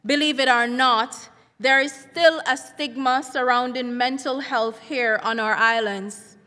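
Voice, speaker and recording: A middle-aged woman, a school counselor giving an earnest, measured symposium speech. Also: high voice, steady tone, bright, forceful tone. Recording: reverberant hall sound.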